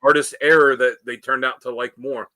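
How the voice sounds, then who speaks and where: A man's voice: medium pitch, fairly even intonation, normal speed, sharp tone. A man on a casual podcast, explaining a point and trailing off. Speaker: podcast co-host.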